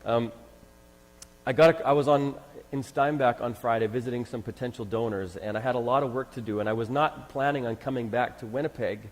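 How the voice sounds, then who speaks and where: A man's voice: mid-range voice, fairly quick. A man leading a ministry, telling an enthusiastic testimony story at church with many fillers. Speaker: ministry leader speaking at church. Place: church sanctuary. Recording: long hall reverb.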